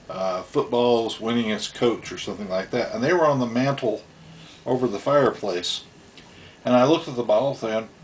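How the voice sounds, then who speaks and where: Recalling his youth in a casual chat at home, a middle-aged man rambles, laughs to himself, and imitates different voices. He has a mid-range voice, and a slight hiss or hum sits underneath.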